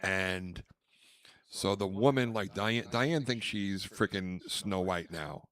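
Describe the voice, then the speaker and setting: A man's voice: low-pitched, takes it slowly, fairly bright tone. A man hosting a podcast, telling rambling stories in casual chat. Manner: rambling storyteller, name-dropping, acts out quotes. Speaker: podcast host.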